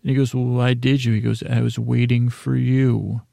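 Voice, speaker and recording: Sleepy podcast guy, super gravelly, flat monotone, meanders through a show recap, dry close sound. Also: medium pitch, no echo. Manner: meandering, halting, loosely paraphrases dialogue in a casual retelling. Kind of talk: rambling episode recap meant for falling asleep.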